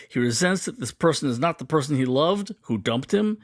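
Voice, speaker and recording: Lively man teaching poetry. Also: on the high side, no echo, clean studio sound. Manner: lively, reads quoted lines slowly and dramatically. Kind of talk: explanatory lesson with poem readings.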